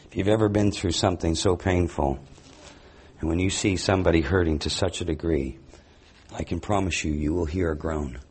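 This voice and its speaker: A man gives a sermon in a very deep, husky voice. He reads scripture aloud, then pauses to reflect on it. He keeps asking his listeners rhetorical questions. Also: darkish tone. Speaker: Bible teacher.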